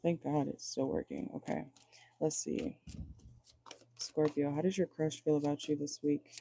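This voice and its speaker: A man's voice: fairly high pitch, steady tone, normal speed, vocal fry, warm tone, slight background noise. A man doing a casual livestream tarot reading, chatty and joking, talking straight to his viewers and swearing freely. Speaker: tarot reader.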